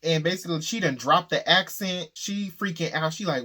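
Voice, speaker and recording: Relaxed man casually retelling a story. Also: a little high, normal speed, few pauses, breathy edge. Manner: relaxed conversational retelling, briefly acts out characters' quoted lines. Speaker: book discussion host. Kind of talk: casual plot summary.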